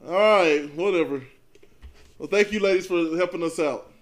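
A man's voice: high voice, normal speed. Easygoing man hosting a podcast. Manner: easygoing, joking. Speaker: podcast host. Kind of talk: casual podcast chat.

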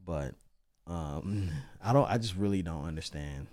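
A man's voice: low voice, lively intonation, measured pace, darkish tone. A man co-hosting a casual marriage podcast, talking in a laid-back, conversational way. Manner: laid-back, conversational, uses "you know what I'm saying". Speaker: podcast co-host. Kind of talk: casual chat.

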